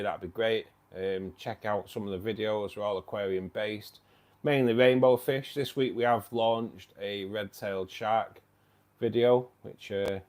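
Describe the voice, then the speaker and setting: A man with a British accent hosting a casual livestream, chatty and slangy, laughing often. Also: lowish voice. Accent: British English. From United Kingdom. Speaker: aquarium channel host.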